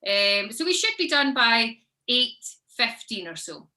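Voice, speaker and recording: A woman's voice: a little high, big pitch swings, a little slow, pushed and bright. A woman hosting an online book panel over a video call, chatty with frequent ums. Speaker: panel host.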